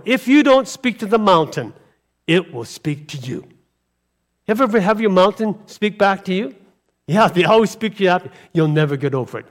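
A male pastor preaching a sermon emphatically, with rhetorical questions and call-and-response to the congregation. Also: a little high.

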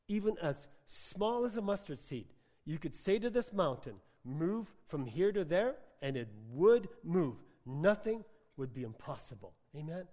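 Guy preaching, chatty storytelling, kinda high voice, big echoey hall. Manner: conversational, animated storytelling with filler words. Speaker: pastor. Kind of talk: sermon. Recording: long hall reverb.

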